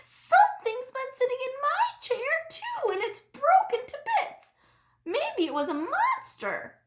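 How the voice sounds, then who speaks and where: A woman voicing a tiny, excitable boy bear cub in a storybook read-aloud, squeaky and eager. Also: a little slow, roomy sound, full character voice. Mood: excited. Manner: squeaky, wide-eyed and eager.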